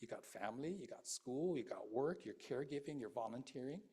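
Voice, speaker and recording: A man's voice: medium pitch, lively intonation, fairly quick, mellow, husky. A male guest minister giving a Buddhist dharma talk in a conversational way, with fillers and asides to the audience.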